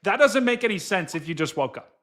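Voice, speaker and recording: A young man hosting a casual weather livestream, excitable and quick to exclaim and laugh. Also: high voice. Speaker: livestream weather show host.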